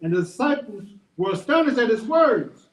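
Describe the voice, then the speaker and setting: A man reading the King James Bible aloud at a steady, measured pace. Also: very high voice. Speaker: scripture reader. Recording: echoey, recorded from a distance.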